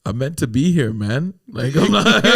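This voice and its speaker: A man, a guest on a podcast, telling a story in a casual, animated way, often laughing through it and swearing freely. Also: sits high, gravelly.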